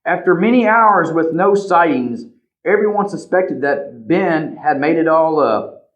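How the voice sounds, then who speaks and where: Animated male librarian reading aloud. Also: fairly high pitch, a little slow. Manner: animated, points out pictures, asks children questions. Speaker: children's librarian. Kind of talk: picture book read-aloud. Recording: slightly dull lo-fi recording.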